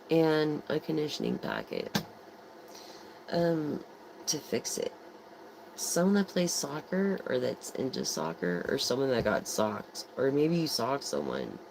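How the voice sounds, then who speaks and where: A rambling tarot reader talking slowly in a gravelly tone, drifting from card to card with plenty of fillers and the odd curse word. The reading feels loose and offhand, with a faint noise floor underneath. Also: medium pitch, darkish tone, low-quality recording. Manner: rambling, meandering with frequent fillers and casual swearing. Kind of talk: casual live tarot reading.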